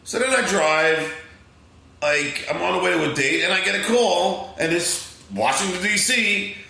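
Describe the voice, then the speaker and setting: A middle-aged man with a Long Island accent tells a story with excitement, acting out voices and tripping over restarts. His voice has a gravelly edge and a bright, forceful tone. It rings out in a very echoey room. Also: high voice, a little slow. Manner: excitable, acts out voices, frequent fillers and restarts. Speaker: podcast guest. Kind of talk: animated storytelling.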